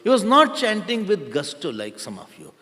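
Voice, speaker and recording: A male spiritual teacher telling a story to an audience, often quizzing them and repeating names, sometimes chanting verses slowly. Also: high voice, sing-song, pushed and bright. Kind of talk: storytelling discourse. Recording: long hall reverb.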